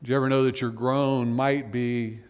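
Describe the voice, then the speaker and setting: A man's voice: medium pitch, flat delivery, normal speed, clean tone. A man preaching a sermon as senior pastor, talking to his congregation in a loose, conversational way with frequent restarts and fillers. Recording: church hall with long reverb.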